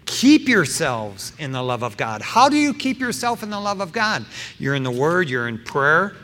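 A middle-aged man preaching a sermon as pastor, emphatic, swinging between loud stressed phrases and soft asides, with casual fillers like "you know" and "man". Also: on the high side, big pitch swings, moderate pace. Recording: long hall reverb with faint background noise.

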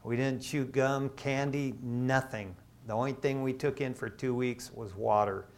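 A middle-aged man from Michigan, an associate pastor, preaching a sermon in a casual, storytelling way with lively asides. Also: mid-range voice, measured pace. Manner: conversational, animated storytelling with asides.

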